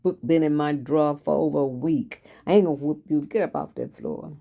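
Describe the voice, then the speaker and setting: A woman's voice: low-pitched, brisk, vocal fry, mellow. An older woman voicing a stern, strict female schoolteacher who scolds bluntly. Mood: scolding.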